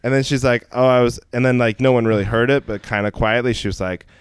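A man's voice: mid-range voice, steady tone, fast talker, smooth, no room sound. A man in a casual comedic chat, easygoing and chuckling, often finishing his friend's sentences.

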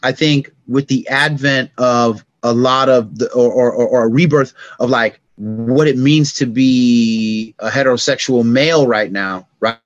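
A middle-aged man talking as a podcast guest, with an everyday mid-range pitch. He tells stories in an animated way and jumps into sound effects and quoted voices. The sound is dry and close, with no room around it. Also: measured pace, few pauses, no room sound, highs cut off. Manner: animated, acts out sounds and dialogue. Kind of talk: casual storytelling conversation.

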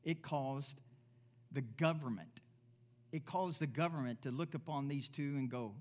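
A man's voice: mid-range voice, measured pace, darkish tone. A man preaching a sermon in a church service, emphatic, firing off rhetorical questions and acting out the voices he quotes.

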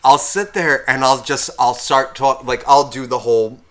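A man co-hosting a casual podcast, swearing constantly and acting out his phone calls in loud rants. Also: medium pitch, fairly even intonation, normal speed. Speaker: podcast co-host.

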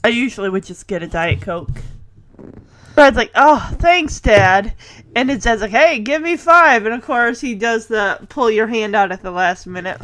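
Here a woman podcast host retells a sitcom episode in a chatty, giggly way, slipping into playful voices when quoting characters. She has a medium pitch and a fairly bright tone, speaks at a moderate pace, and the recording is dry.

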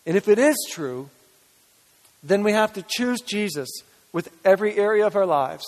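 A man with a high voice preaches an earnest, emphatic sermon and reads scripture between his points. His words ring out with a long reverb, as in a large church hall. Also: expressive, moderate pace, darkish tone. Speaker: pastor.

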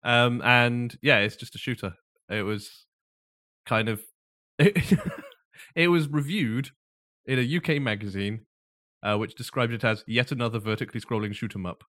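A man's voice: mid-range voice, normal speed, sharp tone. A man co-hosting a podcast, telling the story in a casual chat and often laughing as he goes. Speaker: podcast co-host.

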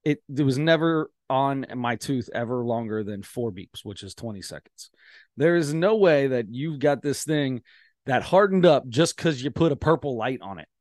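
A man's voice: medium pitch, lively intonation, moderate pace, no echo, studio quality. A man co-hosting a podcast, telling rambling stories in casual chat and laughing as he goes. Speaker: podcast co-host.

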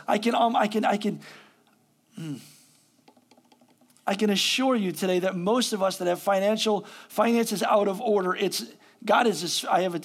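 A male pastor with a high-pitched voice delivers a conversational sermon, cracking jokes at his own expense before reading scripture with mounting emphasis.

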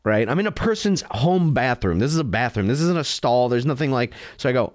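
A man, a comedian, telling a rambling, animated story full of restarts and fillers. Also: medium pitch, a little fast, few pauses, no room sound, faint music behind. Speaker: comedian guest.

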